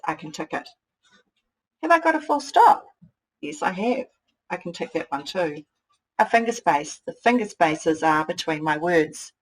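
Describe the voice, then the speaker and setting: A woman teacher, slowly sounding out words and thinking aloud as she models writing for young children. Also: on the low side, breathy edge, low-quality recording. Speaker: primary school teacher.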